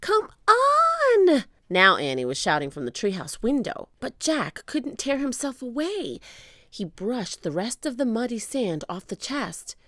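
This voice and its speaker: A woman narrating a children's book aloud with expressive storytelling. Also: medium pitch, moderate pace, dry recording, clean studio sound.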